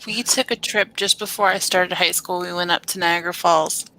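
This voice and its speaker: Bright-toned woman telling a road-trip story. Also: fairly low pitch, normal speed, slight background noise, low-quality recording. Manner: relaxed anecdote-teller who laughs between lines. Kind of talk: casual group chat on a video call.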